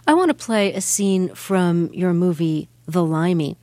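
Woman host, interviewer, lowish voice, dry studio sound, curious. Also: measured pace, mellow, dry recording. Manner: curious, conversational questioning. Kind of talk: radio interview.

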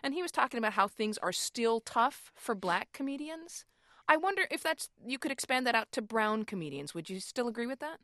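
A woman's voice: fairly high pitch, very animated, brisk, pushed and bright, no echo, clean studio sound. A woman hosting an interview program, asking curious, probing questions.

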